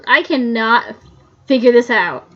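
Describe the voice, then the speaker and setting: A woman's voice: a little high, lively intonation, measured pace. A woman commentating her own game playthrough, muttering to herself in frustration as she gets stuck. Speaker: gamer. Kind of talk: let's play commentary. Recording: dull lo-fi audio.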